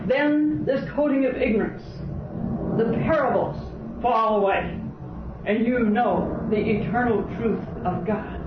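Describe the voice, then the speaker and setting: A high-pitched man preaches with earnest conviction, quoting scripture and telling parables. The recording is muffled and dull, like an old tape. He sounds distant in a reverberant room. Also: background noise. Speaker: spiritual teacher. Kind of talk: sermon with parables.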